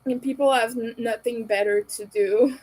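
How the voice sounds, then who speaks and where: A woman's voice: a little high, fairly even intonation, normal speed, a little mellow, rough recording. A woman from Montreal chatting casually to her live audience, candid and opinionated, often laughing between remarks. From Canada, Montreal. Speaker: livestreamer.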